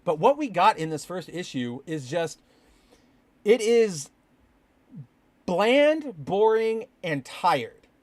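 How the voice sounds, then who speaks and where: A man with a fairly high voice hosting a casual podcast, rambling and animated, swearing when excited. The sound is dry and close. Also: takes it slowly, dry recording. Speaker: podcast host. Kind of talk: casual comic book commentary. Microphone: live stream with chat.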